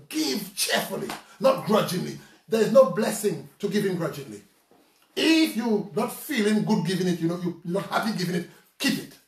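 Saint Lucian preacher, roomy and off-mic. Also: male voice, sits high, recorded from a distance. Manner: lively, conversational preaching with rhetorical questions. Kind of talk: sermon.

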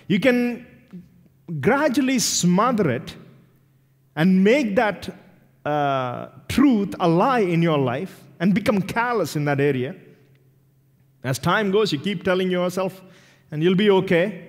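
High-voiced pastor preaching in a reverberant church. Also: male voice, a little slow, pauses often. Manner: animated preaching with acted-out quotes. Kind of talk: sermon. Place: church sanctuary. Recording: long hall reverb in a church.

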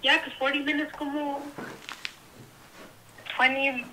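A woman's high, very bright voice comes through a tinny phone line. She chats casually and switches freely between English and Spanish. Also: level tone, measured pace, a little hiss or hum. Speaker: sister-in-law on the phone.

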